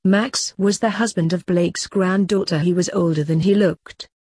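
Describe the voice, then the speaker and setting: A woman reading a short story aloud in a calm, even storytelling voice. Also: lowish voice, moderate pace, breathy edge, no echo. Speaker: narrator. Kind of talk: scripted story narration.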